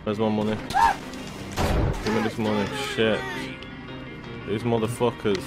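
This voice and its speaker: A young man giving gameplay commentary, loud, swearing often and full of street slang. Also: on the low side, little pitch movement, a little slow, loud music behind the voice. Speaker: gaming YouTuber.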